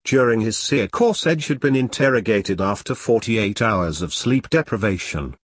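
A man narrating an audiobook in an expressive, measured way. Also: on the low side, husky, dry recording.

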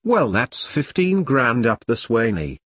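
A wry soldier who jokes in an offhand way, voiced by a man. His voice sits at a middle pitch. The recording is dry and close. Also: sing-song, unhurried, fairly bright tone, breathy edge, no echo, exaggerated voice. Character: wry male British soldier.

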